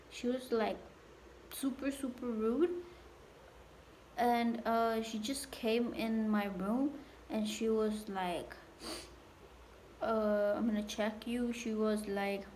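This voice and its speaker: Young woman, casual storytime vlog, slightly high pitch, unhurried, repetitive halting delivery. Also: darkish tone, slight background noise. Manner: halting and repetitive, with many fillers. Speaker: vlogger.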